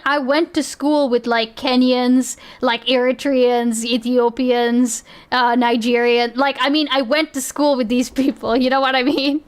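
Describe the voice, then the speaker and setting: On a livestream, a South Asian-accented woman with a high voice chats casually, rambling, swearing and laughing often as she reacts.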